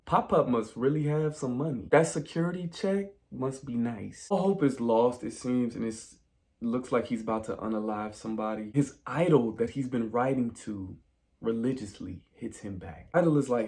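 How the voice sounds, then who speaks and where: A man casually recapping a film plot in a spoiler review, telling it as an animated story and talking straight to his viewers. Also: medium pitch, normal speed. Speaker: movie reviewer.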